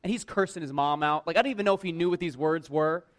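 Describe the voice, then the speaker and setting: A man who works at a church tells a personal anecdote in a lively, conversational way, full of "like" and self-mocking humor. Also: on the high side, quick pace. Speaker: church worker telling a personal story. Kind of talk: casual personal storytelling.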